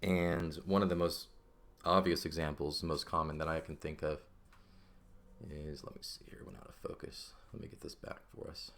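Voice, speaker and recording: Very low-voiced man teaching a lesson. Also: level tone, moderate pace, fairly bright tone, slight background noise. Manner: explanatory, checks in with "okay?" and "right?". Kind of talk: recorded language lesson.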